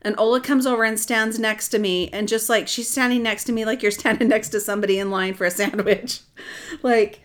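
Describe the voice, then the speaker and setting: A woman's voice: fairly high pitch, brisk. Chatty middle-aged woman telling a story. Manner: animated, rambling with restarts. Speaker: adoptive mother telling her story. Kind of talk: casual storytelling chat.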